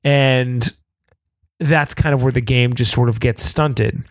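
A man's voice: mid-range voice, steady tone, slow, dry recording. A man co-hosting a podcast, explaining game rules in casual chat, rambling with lots of fillers and restarts. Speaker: podcast co-host.

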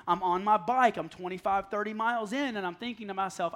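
A man preaching a sermon to a congregation, telling stories with self-deprecating humor and acting out the voices he quotes, sometimes dropping to a soft plea. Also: sits high, quick pace, hardly any pauses. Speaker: pastor. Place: church sanctuary with congregation.

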